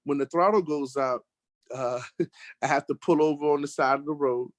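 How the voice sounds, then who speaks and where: An American man telling a lively road-trip story in casual conversation, getting worked up when he acts out arguments. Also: fairly high pitch, normal speed, no echo. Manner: animated storyteller, rising sharply when acting out arguments. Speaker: guest telling a travel story. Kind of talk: casual storytelling in an online talk show.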